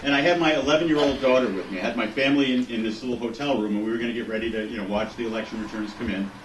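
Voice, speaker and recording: A middle-aged man tells relaxed, funny stories to a room at a fundraiser. His voice sits at an ordinary pitch and echoes around the hall. He is picked up from a distance, with lots of crowd noise behind him. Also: rapid-fire. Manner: relaxed, joking storyteller. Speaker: political candidate speaking at a fundraiser. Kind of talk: speech with humorous anecdotes.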